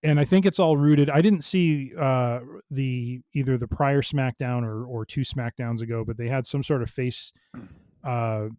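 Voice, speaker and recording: Man, mellow warm tone, podcast co-host, steady explaining, dry recording. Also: mid-range voice, measured pace, clean tone, dry recording. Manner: steady, explanatory, reads news aloud. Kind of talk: casual chat, reading an article aloud.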